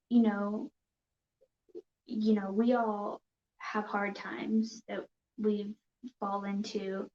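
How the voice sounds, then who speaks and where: A woman chats with her viewers on a casual live stream, hesitant and nervous, full of pauses and restarts. She speaks slowly in a flat, even voice. The sound is dull and roomy, as in a home room. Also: mid-range voice. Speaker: yarn crafting streamer.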